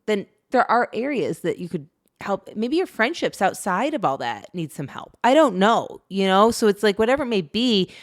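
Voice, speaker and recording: A middle-aged woman co-hosting a parenting podcast, telling family stories in a chatty way with frequent laughs. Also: mid-range voice. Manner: chatty storytelling, laughs often, frequent "you know". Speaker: podcast co-host. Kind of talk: casual chat.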